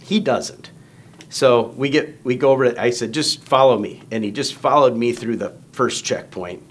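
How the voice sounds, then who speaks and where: A man's voice: medium pitch, normal speed. A man telling a long story in casual conversation, acting out quoted lines in raised voices. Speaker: guest storyteller.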